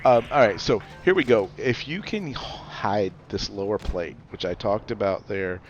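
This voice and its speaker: Low-voiced man chatting over gameplay. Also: unhurried, muffled recording, soft background music. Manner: chatty, loose, many fillers, chuckles often. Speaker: game reviewer. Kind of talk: casual gameplay commentary.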